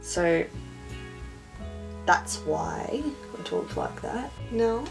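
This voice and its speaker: A woman's voice: fairly low pitch, expressive, extremely slow, gravelly, over music. Chatty young woman vlogger. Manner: chatty, self-mocking, slangy. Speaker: beauty vlogger. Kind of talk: casual makeup tutorial chat.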